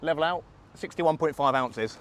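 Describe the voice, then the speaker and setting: Young man, from England, angling vlogger, outdoors, chatty explainer, slightly high voice. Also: normal speed, a bit bright. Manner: chatty, explains each step to viewers. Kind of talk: fishing vlog commentary. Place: outdoors by a river.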